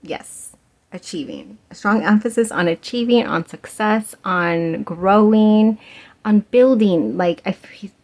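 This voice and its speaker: A woman's voice: medium pitch, a little slow, a little mellow. A young woman giving a casual pick-a-card tarot reading, chatty and giggly with many fillers and laughs. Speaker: tarot reader.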